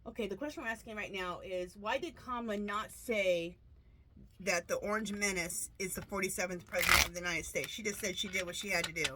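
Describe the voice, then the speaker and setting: A woman tarot reader talks casually to camera at a slightly fast pace in a medium-pitched voice, with background noise behind her. She's chatty and rambling, restarting often, her nose stuffed up from allergies.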